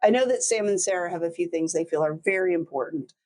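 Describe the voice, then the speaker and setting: A middle-aged woman who grew up in Texas, telling lively stories in a casual chat and mimicking other people with big jumps in pitch. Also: fast talker, poor audio. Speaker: law firm owner, host.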